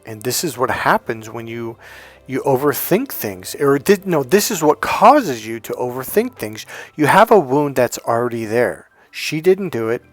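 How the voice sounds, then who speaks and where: A man's voice: mid-range voice, expressive, measured pace, dry recording. Casting note: man with a mid-range voice, casual storytelling coach, rambling, re-enacts dialogue, faint music underneath. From United States. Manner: rambling, retells dialogue, swears when worked up. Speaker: dating coach.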